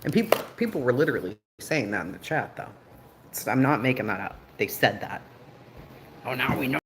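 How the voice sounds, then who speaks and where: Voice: medium pitch, lively intonation, brisk, gravelly, noisy background. Snarky, profane livestream host. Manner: snarky and profane, laughs often. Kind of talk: casual livestream commentary.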